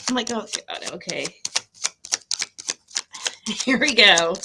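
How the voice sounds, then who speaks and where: A woman's voice: mid-range voice, expressive, takes it slowly, vocal fry, pauses often, background noise. A woman doing a casual tarot-reading livestream at home, emotional and nervous, laughing between readings and talking to her pet.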